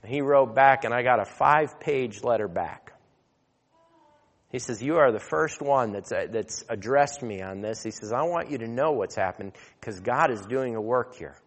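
A man preaching a sermon, telling a story and then growing loud and emphatic as he exhorts. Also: medium pitch, expressive, moderate pace. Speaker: pastor. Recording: long hall reverb.

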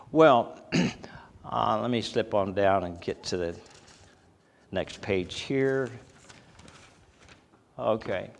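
Older male preacher, folksy storyteller, chuckles between anecdotes, hall reverb. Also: lowish voice. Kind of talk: folksy sermon with personal stories.

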